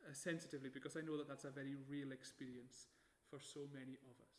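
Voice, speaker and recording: A man preaching a sermon, measured and emphatic, slowing down to stress key phrases. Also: medium pitch, flat delivery, reverberant.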